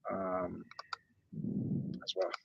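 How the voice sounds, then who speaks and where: A middle-aged man from North America hosting a casual chat, rambling through a list with many pauses and restarts. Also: deep voice, completely flat delivery, gravelly, a bit bright, dull audio, a little hiss or hum. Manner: rambling, lots of uh and restarts, shows builds one by one. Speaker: podcast host.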